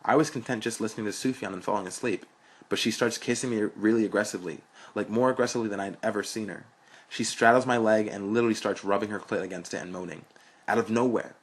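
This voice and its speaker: A man's voice: on the low side, quick pace. A young man reading a story aloud in a frank, blunt, profane way. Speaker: narrator.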